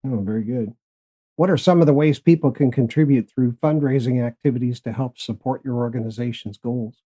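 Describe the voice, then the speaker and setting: Male podcast host interviewing a guest; enthusiastic, mellow tone. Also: medium pitch, a little fast. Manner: enthusiastic, asks questions.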